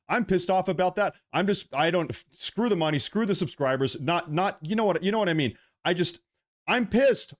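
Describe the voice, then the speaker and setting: Male streamer host, mid-pitch, agitated repetitive ranting with restarts. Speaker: livestream host. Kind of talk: live-stream commentary, reading super chats.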